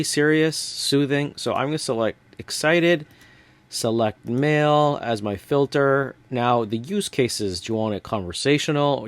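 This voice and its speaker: Man narrating a software walkthrough, dry sound. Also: medium pitch, no echo. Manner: relaxed step-by-step narration with casual fillers. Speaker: software tutorial host. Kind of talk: screen-recorded software walkthrough.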